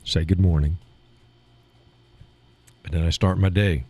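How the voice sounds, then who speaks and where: A man's voice: deep voice, fairly even intonation, a little slow, a little mellow, slightly rough. A man hosting a live show from his small home studio, chatting in a rambling way and chuckling often. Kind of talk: casual live-stream chat.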